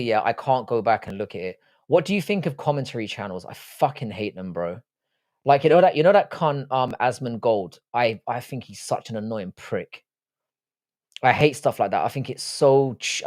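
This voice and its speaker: A man's voice: medium pitch, a little mellow. An Irish man hosting a live stream, chatting casually and reading out viewer comments, blunt and swearing freely with a self-deprecating edge. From Ireland. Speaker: livestream host.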